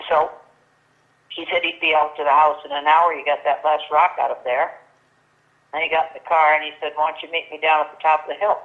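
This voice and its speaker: Older female guest on a phone line, animated storyteller who plays out the quotes. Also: low voice, fairly quick. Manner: lively storyteller acting out quoted dialogue, many restarts. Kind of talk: storytelling in casual chat. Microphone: telephone.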